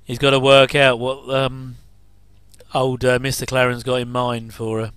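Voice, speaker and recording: Middle-aged man, casual watch-along commentator, smooth and close-miked. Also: medium pitch, completely flat delivery, normal speed, fairly bright tone, no echo. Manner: chatty, jokey asides with chuckles. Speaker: commentary host.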